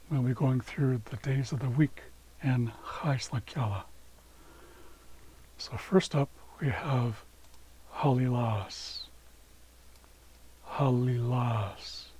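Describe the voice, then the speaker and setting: Slow, husky man teaching vocabulary. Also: medium pitch, steady tone, mellow, low-quality recording. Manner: says each word slowly twice for pronunciation. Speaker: language teacher. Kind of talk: screen-share language lesson.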